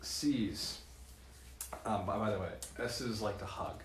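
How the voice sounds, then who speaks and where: A man giving a live seminar as a real estate mentor, lively and laughing often, tagging points with "right?". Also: on the low side, slow pace, reverberant, slight background noise. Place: room with a live audience.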